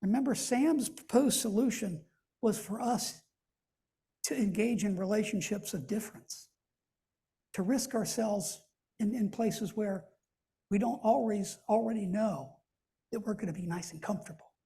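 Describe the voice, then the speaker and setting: A man lecturing at a church in a very husky, breathy voice with a mellow, dark tone. He speaks thoughtfully, pausing and restarting phrases as he works through an idea. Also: high voice. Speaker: guest lecturer.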